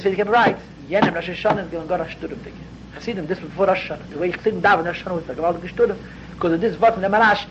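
Man, high voice, earnest lecture, dense with Hebrew terms, dull muffled sound, faint background hiss. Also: a bit bright. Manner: grows intense and raised toward the end. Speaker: teacher of a Hasidic text class. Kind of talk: spoken study lecture.

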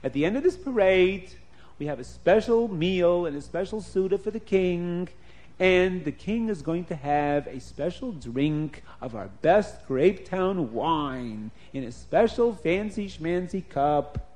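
A fussing storybook mayor, played by a male storyteller, eager to please the king and pitched a little high. He fawns proudly, then stammers in puzzlement. His voice lifts with each worried question. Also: expressive, measured pace, darkish tone. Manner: fawning, stammering when confused.

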